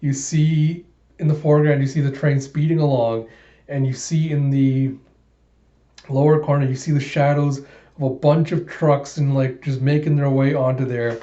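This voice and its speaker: A man casually retelling a comic, animated, often laughing and saying "you know". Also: medium pitch, normal speed. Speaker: comic readthrough host. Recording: roomy and dull.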